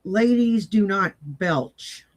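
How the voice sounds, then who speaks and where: A woman's voice: medium pitch, expressive, extremely slow, poor audio. An older woman hosting casual commentary, rambling bluntly and poking fun at herself in a folksy way. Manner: blunt, self-mocking, folksy. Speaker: commentary host.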